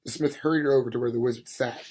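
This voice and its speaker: A man reading a fantasy novel aloud in an amateur audiobook reading, steady and plain with small slips. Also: medium pitch, very fast, a little hiss or hum. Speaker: reader.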